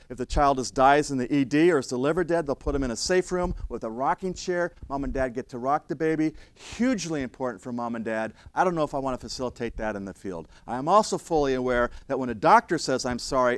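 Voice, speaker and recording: A man's voice: mid-range voice, no room sound. A middle-aged man lecturing emergency responders in a blunt, conversational way. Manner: blunt, conversational, acts out quoted voices. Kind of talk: classroom lecture with stories.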